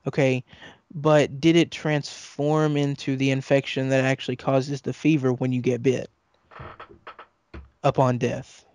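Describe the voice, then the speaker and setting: A man co-hosting a casual podcast chat, halting and restarting his sentences and laughing often. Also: mid-range voice, level tone, darkish tone, no echo. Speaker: podcast co-host.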